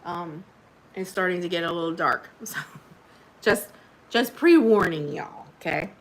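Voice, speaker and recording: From her home, indoors by a window, a woman hosts a casual livestream, chatting with viewers, reading their comments and laughing often. Her voice is fairly low and a little slow, and the recording is rough.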